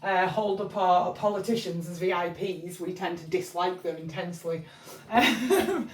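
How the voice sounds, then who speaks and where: A woman's voice: on the low side, lively intonation, measured pace, distant mic, a little hiss or hum. A woman from England talking casually and rambling about spiritual life lessons, with lots of fillers and restarts. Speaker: channel host. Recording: echoey room, voice somewhat off-mic.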